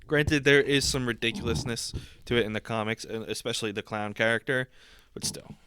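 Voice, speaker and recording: A young man co-hosting a casual podcast, measured and adding caveats to his co-host's points. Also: medium pitch, bright, forceful tone, slight background noise. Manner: measured, adds caveats and counterpoints. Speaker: podcast co-host.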